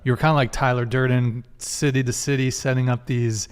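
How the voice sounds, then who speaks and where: A man's voice: medium pitch, flat delivery, fairly quick, clear, resonant tone, big-room sound. Man hosting a podcast interview. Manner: casual, reads listener questions aloud. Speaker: podcast host. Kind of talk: interview questions.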